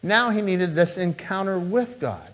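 Male pastor with a slightly higher voice, earnest sermon delivery, loud-to-hushed swings. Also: sing-song, unhurried. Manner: repeats and restarts words.

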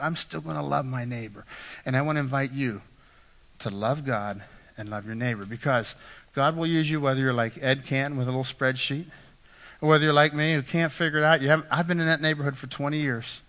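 A man's voice: medium pitch, a bit bright. A middle-aged man preaching a sermon, telling self-deprecating stories with frequent "right?" asides. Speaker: pastor. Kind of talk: storytelling sermon. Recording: echoey hall reverb.

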